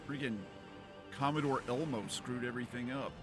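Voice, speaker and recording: Man, game streamer, rambling, joking, average pitch, game music behind. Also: fairly even intonation, moderate pace. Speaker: gaming streamer. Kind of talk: casual playthrough commentary.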